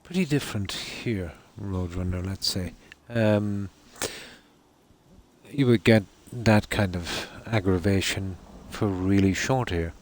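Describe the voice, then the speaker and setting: Deep-voiced Irish Midlands man, rambling. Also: slow, slight background noise. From Ireland. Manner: rambling, many fillers and "let's say". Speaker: streamer. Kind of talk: casual chat with viewers while gaming.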